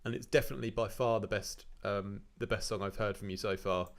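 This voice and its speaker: A man hosts a livestream, offering chatty, encouraging feedback on remixes and often restarting his sentences. His lowish voice is brisk and steady in tone, suited to casual commentary.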